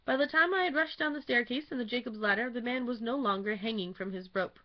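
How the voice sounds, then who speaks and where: A pompous middle-aged theatre manager recounts the affair in stiff, self-important terms, read aloud by a woman. The voice stays fairly high and close to her own, and the recording sounds dull and lo-fi. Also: fast talker, natural voice. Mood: formal.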